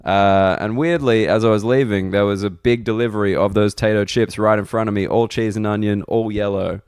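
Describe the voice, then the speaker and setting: A man's voice: lowish voice, fairly even intonation, fairly quick, a little mellow, clear, resonant tone, no echo. A young Australian man, a comedian hosting a solo podcast, rambling wryly and self-deprecatingly with lots of fillers into a close mic. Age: young adult. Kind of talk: casual solo podcast monologue.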